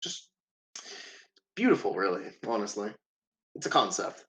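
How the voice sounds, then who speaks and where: A man running a tabletop game as game master, playful and quick to laugh. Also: lowish voice, sing-song, fairly bright tone. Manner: playful, laughing, drawn-out asides.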